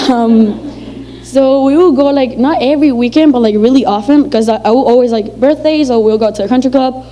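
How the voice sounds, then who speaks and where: A woman's voice: high-pitched, normal speed, dark tone, poor audio. A young woman from Venezuela, telling a personal story to an audience in a chatty, filler-heavy way and acting out the dialogue. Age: young adult.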